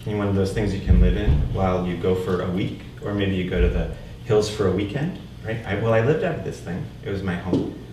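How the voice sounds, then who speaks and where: A man's voice: low voice, fairly quick, few pauses, dark tone. A man performing a theatrical storytelling monologue in a one-man show, talking conversationally and often checking in with the audience with "right?". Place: live stage in a theater. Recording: echoey room, mic far off, noisy.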